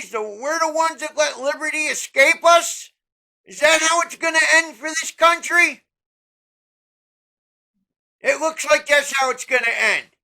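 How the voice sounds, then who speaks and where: A middle-aged commentator delivering a heated, profane political rant, often breaking into shouts. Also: high-pitched, rough recording.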